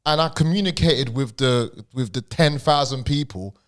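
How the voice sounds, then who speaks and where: A young man with a stammer, talking as a guest on a podcast in a casual, halting way with slang. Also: medium pitch.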